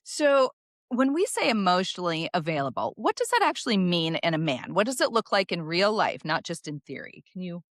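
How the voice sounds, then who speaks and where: A woman hosting a podcast, upbeat and quick to laugh as she introduces a guest. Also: lowish voice, big pitch swings, no echo, studio quality. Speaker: podcast host. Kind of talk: casual podcast chat.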